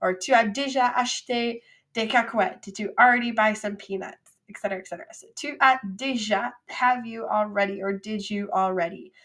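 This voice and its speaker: A woman teaching a recorded French vocabulary lesson, drilling phrases with clear, upbeat repeat-after-me prompts. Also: medium pitch, a little fast, a bit bright.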